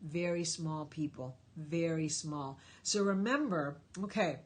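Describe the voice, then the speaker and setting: A woman whose voice sits low speaks slowly, with background noise behind her. She's hosting a live stream Q&A, reading chat and handing out emphatic, encouraging life advice to viewers.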